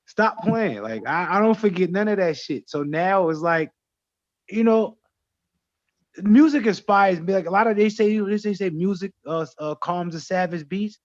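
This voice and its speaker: Brooklyn rapper on radio, high pitched, profane street talk, dry lo-fi audio. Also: male voice, moderate pace, no room sound. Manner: animated storytelling, profane, slangy. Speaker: rapper guest. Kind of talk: casual radio chat.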